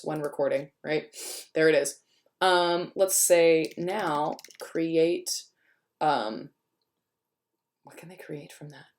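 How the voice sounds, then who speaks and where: A woman with a low speaking voice walks through a screencast tutorial at her computer. She is chatty and thinks out loud as she goes, and keys clack behind her. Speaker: teacher. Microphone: computer mic while screen recording. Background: keyboard typing.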